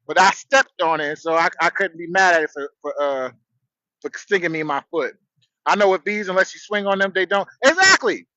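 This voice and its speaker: A man's voice: sits high, pushed and bright, no echo, lo-fi sound. A man hosting a casual livestream from his truck on a headset, rambling in a laid-back way and greeting viewers. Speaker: livestream host. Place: outdoors, in a truck.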